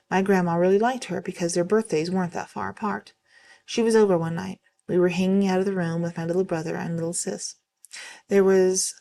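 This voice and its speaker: A woman reading online stories aloud as the host of her channel, at a steady, even pace with occasional slips. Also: lowish voice, creaky.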